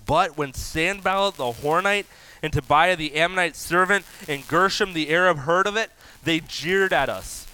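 A man preaching a sermon as pastor, animated, rising loud for emphasis. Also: fairly high pitch, clear, resonant tone, rough recording.

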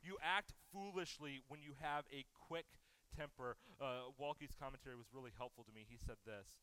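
A man's voice: medium pitch, moderate pace, sharp tone, clean tone, dry recording, rough recording. A man preaching a sermon in a conversational way, often asking the congregation questions. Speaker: pastor.

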